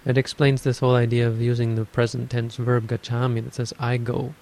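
A man giving a dharma talk on meditation, explaining in a measured way and thinking aloud as he goes. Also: mid-range voice, level tone, vocal fry, darkish tone, rough recording. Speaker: meditation teacher.

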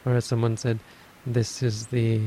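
A man giving a dharma talk on meditation, explaining in a measured way and thinking aloud as he goes. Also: medium pitch, level tone, dark tone, a little hiss or hum, low-quality recording. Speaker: meditation teacher.

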